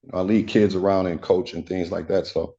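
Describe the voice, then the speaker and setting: An older male defendant with a very deep, dark voice, speaking earnestly and haltingly. He stumbles and repeats himself as he addresses the judge over dull courtroom audio. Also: steady tone, vocal fry.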